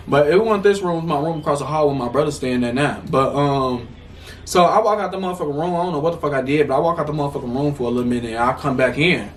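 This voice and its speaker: A man's voice: a little high, distant mic, slight background noise. A man in his twenties telling a casual storytime vlog from a room at home, blunt, profane and heated as he talks. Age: 20s. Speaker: vlogger.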